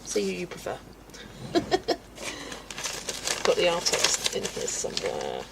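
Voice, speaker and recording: A woman's voice: fairly low pitch, wildly swooping pitch, slow pace, creaky, heavy background noise. A woman from England's West Country, chatting casually and laughing often as she reads out viewer comments while colouring on a livestream. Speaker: livestream host.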